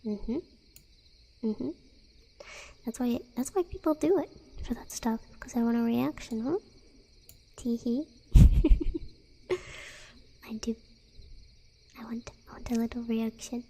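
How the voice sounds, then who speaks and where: A woman's voice: a little high, measured pace, vocal fry, pauses often, warm tone, slight background noise. Teasing, giggly woman streamer. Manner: teasing and playful, with giggles and whispered asides. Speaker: live streamer. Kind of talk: casual live-stream chat with viewers.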